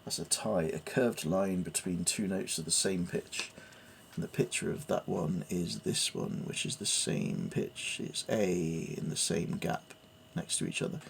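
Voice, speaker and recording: A man's voice: low voice, lively intonation, unhurried, creaky, a little hiss or hum. A man thinking aloud as he works through piano theory, reading notes and musing hesitantly with fillers. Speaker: piano learner. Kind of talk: thinking aloud while studying music theory.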